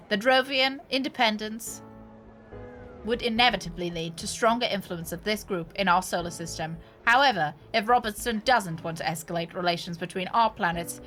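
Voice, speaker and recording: A woman's voice: mid-range voice, pushed and bright. A woman putting on a formal TV news anchor. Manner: measured, formal newsreading delivery. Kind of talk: reading a scripted news segment aloud.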